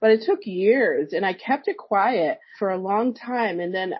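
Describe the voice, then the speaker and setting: A woman's voice: medium pitch, a little slow, breathy edge, dry recording, muffled recording. A woman, a therapist and energy healer, telling personal stories as a podcast guest, laughing often and acting out other people's words. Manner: lively storyteller who laughs often and acts out quotes. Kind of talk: storytelling in a podcast interview.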